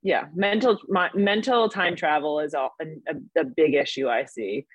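A woman with a New York accent, a mental performance coach explaining things step by step in an energetic podcast interview. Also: low voice, measured pace, husky, no room sound. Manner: energetic, explains in steps with examples.

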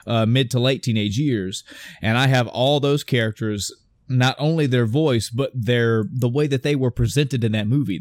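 A man's voice: mid-range voice, no room sound. A man in casual chat on a podcast, rambling through stories with lots of restarts and asides. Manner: rambling, animated storytelling with many restarts.

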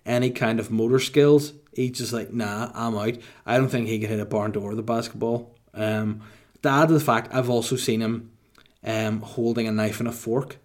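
A man in his thirties with a Northern Irish accent, answering listener questions in casual chat with mock-boastful, deadpan jokes. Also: lowish voice.

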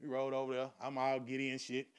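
A young man performing a profane comic story monologue, animated, loud one moment and low the next, often laughing at his own jokes. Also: fast, clean tone. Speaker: comedian telling a story.

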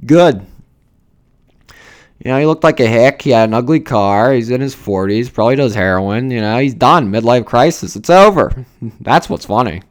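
A man's voice: medium pitch, animated, moderate pace. A young man, ranting casually and profanely, full of fillers and rambling asides. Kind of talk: casual rant.

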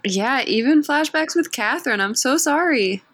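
A woman's voice: high voice, animated, moderate pace, fairly bright tone, no room sound. A woman co-host on a podcast, candidly explaining what she dislikes about a show. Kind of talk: casual TV recap chat.

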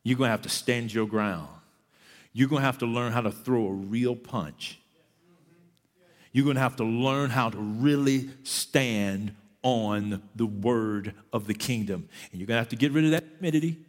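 A man's voice: medium pitch, normal speed. A man preaching a sermon as pastor, pressing his congregation to keep going, and now and then mimicking whiny excuses. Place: church sanctuary. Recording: long church reverb.

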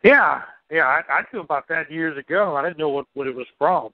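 A podcast co-host with a slightly high, fairly quick voice chats about movies in a laid-back, rambling way, swearing freely. The audio is tinny and band-limited, like a phone line.

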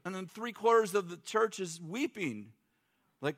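A man's voice: sits high, lively intonation, unhurried. A middle-aged man preaching a sermon in a loose, joking, conversational way, acting out quotes. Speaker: pastor.

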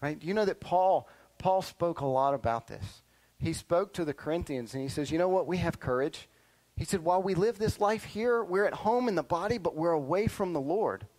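A middle-aged male pastor preaching a sermon to young listeners, animated and checking in often with "right?" and "okay?". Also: fairly high pitch, moderate pace, rough recording. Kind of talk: sermon to children and youth.

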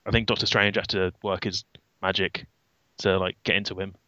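A man's voice: deep voice, little pitch movement, brisk, pushed and bright, lo-fi sound. A British man co-hosting a podcast, chatting casually and stumbling over his words with many restarts. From Britain. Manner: stammering, many restarts and fillers. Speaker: podcast co-host. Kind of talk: casual chat.

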